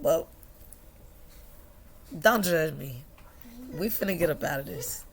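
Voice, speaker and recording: A woman's voice: low voice, takes it slowly, vocal fry, pauses often, slightly rough. A young woman telling a personal story to the camera, emotional and laughing, at times tearful. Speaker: vlogger.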